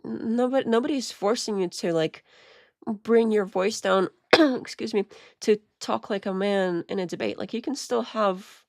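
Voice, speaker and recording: A woman streamer chatting casually as she reacts to videos, rambling with stammered restarts and quiet muttered asides. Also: medium pitch, moderate pace, vocal fry, dry recording, clean studio sound. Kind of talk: casual live-stream commentary.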